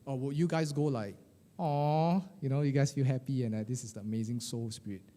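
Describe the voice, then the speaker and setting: A middle-aged man, coaching a live group of financial advisors in a lively, colloquial way, firing questions at the room. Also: mid-range voice, fast. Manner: animated, questioning the audience, colloquial with "lah" and "eh". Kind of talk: motivational workshop talk to a live group.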